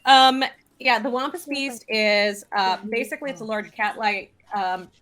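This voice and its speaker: A woman running a tabletop game, relaxed and upbeat, narrating with fillers. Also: fairly high pitch, measured pace. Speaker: game master.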